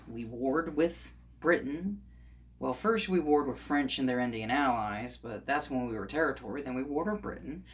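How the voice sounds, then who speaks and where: Man ranting in a heated vlog. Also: on the high side. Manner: heated, ranting, rising to shouts. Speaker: commentator. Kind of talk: opinion vlog monologue.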